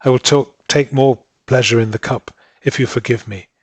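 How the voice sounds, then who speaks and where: A man's voice: medium pitch, fairly even intonation, normal speed, breathy edge, no room sound, lightly acted. An earnest, troubled husband, read by a man narrating a story. He speaks sincerely and presses his case with urgency. The sound is dry and close, in a middle male register. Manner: earnest, pleading.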